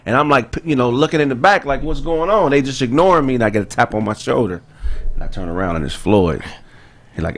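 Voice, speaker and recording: Mid-pitched male podcast host. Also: expressive, fast talker, fairly bright tone. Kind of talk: casual podcast chat.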